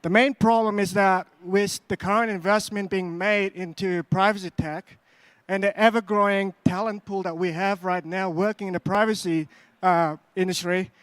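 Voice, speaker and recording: A man from Australia with an Australian accent giving a conference talk on stage, speaking slowly and carefully with frequent fillers. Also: high voice, a bit bright, smooth, dry recording. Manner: deliberately slow, careful delivery with frequent "uh" fillers.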